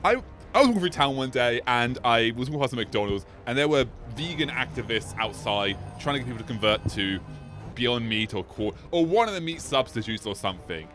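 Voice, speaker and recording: Lively, rambling male video-essay host. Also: a little fast, soft background music. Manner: tangent-prone, laughs often, animated swings in pitch. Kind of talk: rambling, ad-libbed commentary.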